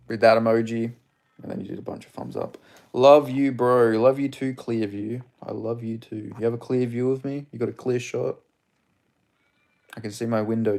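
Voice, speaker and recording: A man's voice: mid-range voice, a little mellow. A man from Perth with an Australian accent, hosting a live stream in a rambling, crude, casual way while greeting chatters by name. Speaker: livestream host.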